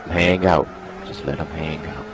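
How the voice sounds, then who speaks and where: Very deep-voiced man, deadpan. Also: unhurried, background noise. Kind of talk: casual gaming voice chat.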